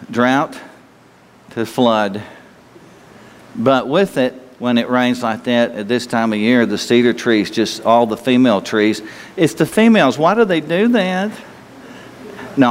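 Folksy preacher in a reverberant hall. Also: male voice, mid-range voice, a little hiss or hum. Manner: folksy, asks the listeners questions, laughs easily. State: itchy throat, slightly hoarse from allergies. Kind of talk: conversational sermon.

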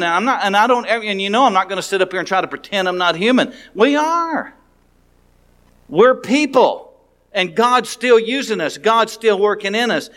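Guy pastor with a pretty high voice, preaching casual and honest, lots of restarts. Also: fairly bright tone. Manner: conversational, frank preaching with many restarts. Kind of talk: sermon.

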